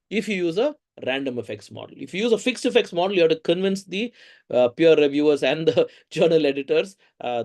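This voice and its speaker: A man with an Indian English accent teaching a research methods course in a lively, conversational way, often asking the audience questions. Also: fairly high pitch. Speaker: lecturer.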